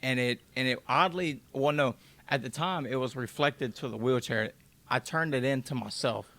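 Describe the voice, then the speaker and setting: A man's voice: medium pitch, normal speed, a bit bright. A man in his twenties, a podcast guest telling his personal story in a candid, raw way and swearing freely.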